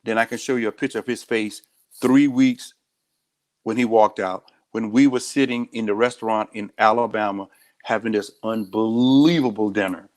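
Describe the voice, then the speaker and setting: In a candid interview, a man who serves as a sheriff in the United States shares stories directly and earnestly. His voice is on the low side, with fairly even intonation and normal speed.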